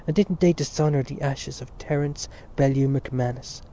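Man voicing a hoarse, fiery middle-aged guy in an audiobook, dark voice, muffled sound. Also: medium pitch, flat delivery, a little fast, slight background noise, lightly acted. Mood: impassioned. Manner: loud, impassioned, hoarse shouting. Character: Mr Casey, a fervent, bitter middle-aged man. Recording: dull lo-fi recording.

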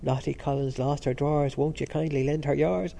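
A man reading the lines of a sly, joking young male student who murmurs quick asides. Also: fairly high pitch, steady tone, gravelly, mellow.

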